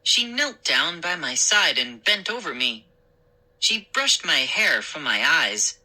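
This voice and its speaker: A woman reading a scary children's story aloud as the show's storyteller, in a measured, expressive way. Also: sits low, low-quality recording.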